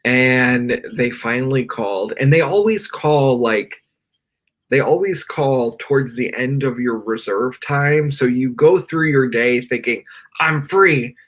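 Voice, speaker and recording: A man's voice: mid-range voice, a little slow. A young man, a podcast guest, telling a personal story with earnest, rambling talk full of "like" fillers, speaking from his bedroom on a remote call. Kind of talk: candid personal storytelling in a live interview.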